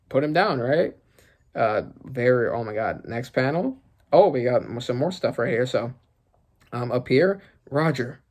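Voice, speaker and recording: Guy doing a chill reaction vid, mid-pitched, rambles and gets hyped, thinks out loud. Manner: excitable, thinking aloud, rambling. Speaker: manga reaction channel host. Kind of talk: casual reaction commentary.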